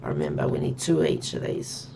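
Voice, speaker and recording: A woman's voice: fairly quick, dark tone, slight background noise. A woman chatting casually and thinking aloud as she plays a game on stream. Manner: chatty, thinks aloud while counting items. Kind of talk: casual gameplay commentary.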